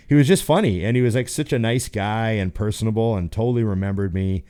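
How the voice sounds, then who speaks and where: A man's voice: lowish voice, fast, hardly any pauses. A man from Canada, a pro bodybuilder, telling stories casually and acting out the other voices in them. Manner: animated, acts out the voices in his stories. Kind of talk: casual storytelling.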